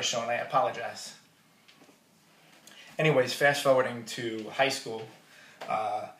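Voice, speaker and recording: A man giving a wedding toast, telling jokey stories about the groom. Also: a little high. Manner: storytelling, jokey and warm toward the groom. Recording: roomy hall audio from a distance.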